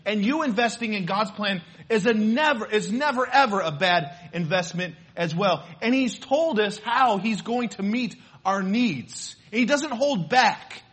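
A man's voice: sits high, expressive, unhurried, few pauses, a bit bright, breathy edge. A male pastor preaching a sermon in a conversational way, telling a personal story and putting questions to the congregation.

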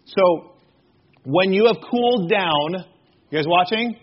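A man's voice: sits high, slow, pauses often, highs cut off. A man preaching a sermon to his congregation, joking and acting out little scenes, often asking the room questions. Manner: jokey, animated storytelling with acted-out voices; addresses congregation directly with questions. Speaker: pastor.

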